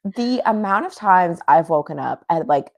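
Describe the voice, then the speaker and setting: A woman's voice: on the low side, lively intonation, normal speed, no room sound. Young woman, podcast co-host, casual chat, giggly, filler-heavy. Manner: chatty, giggly, lots of fillers.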